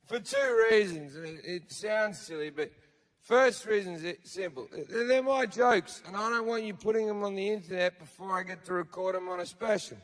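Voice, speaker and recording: A man's voice: high-pitched, normal speed, big-room sound. A man performing a stand-up comedy set on stage, telling stories in a profane, sardonic way into a handheld mic. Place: live theater stage. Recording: live show with faint crowd noise.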